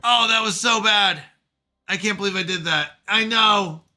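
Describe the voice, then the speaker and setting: Game-streamer guy, high, very bright voice, lively pitch, self-scolding commentary. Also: moderate pace, soft background music. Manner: animated, scolds himself over mistakes. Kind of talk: let's play commentary.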